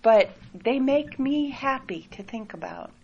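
A woman telling a personal story in a soft, reflective way, often laughing lightly. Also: sits high, expressive, unhurried, muffled recording, a little hiss or hum. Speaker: speaker sharing a personal story.

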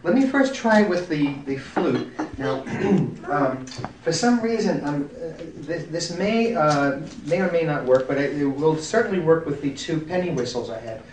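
A man's voice: a little high, lively intonation, measured pace, a little mellow, slight background noise. A man with a genial, joking manner, explaining and demonstrating a sound effect on flutes to a group. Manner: genial, self-deprecating humor. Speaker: musician giving a demonstration. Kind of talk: informal group talk with demonstration. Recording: roomy, from a distance.

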